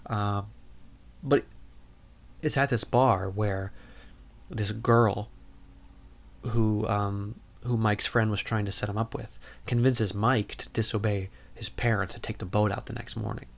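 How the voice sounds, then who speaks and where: A man's voice: lowish voice, fairly even intonation, measured pace, creaky. A man hosting a podcast, recapping a movie in a casual, rambling, jokey way, full of "like" and "you know". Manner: jokey and irreverent. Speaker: podcast host.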